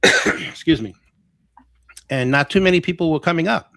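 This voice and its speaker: Animated storytelling man, dry close sound. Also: fairly high pitch, moderate pace, creaky, dry recording. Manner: animated storyteller who acts out dialogue and laughs often. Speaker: energy healer guest. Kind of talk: storytelling interview.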